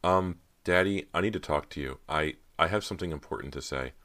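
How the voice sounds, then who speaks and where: A man with a very deep voice reading the lines of a frightened teenage girl as she confesses, lifting his voice higher in pleading and tremulous bursts. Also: fairly quick, a bit bright.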